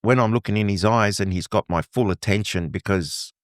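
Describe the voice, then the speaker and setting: Low-voiced man from Lebanon, animated storyteller. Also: fairly quick, no room sound, clean studio sound. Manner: animated storytelling, acting out quoted dialogue. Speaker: guest. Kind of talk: conversational interview.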